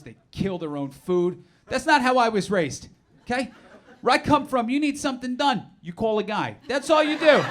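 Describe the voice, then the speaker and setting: A man from New Jersey doing a stand-up comedy set, sarcastic and animated, with mock-outraged asides. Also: high voice. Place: comedy club stage, live audience. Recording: live club recording with audience noise.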